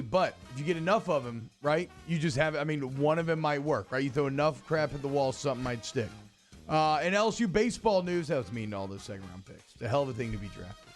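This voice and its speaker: Chatty sports radio host. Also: male voice, medium pitch. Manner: chatty, energetic, loose. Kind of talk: casual sports talk radio.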